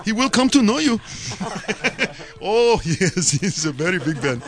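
A man's voice: high voice, very animated, unhurried, pitched above the performer's own voice, heavily acted. A man voicing an Indian-accented man who halts and searches for words. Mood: playful.

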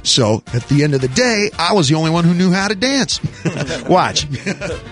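Man, morning radio host, studio, theatrical rambling jokes, fairly high voice, music bed. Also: lively intonation, moderate pace.

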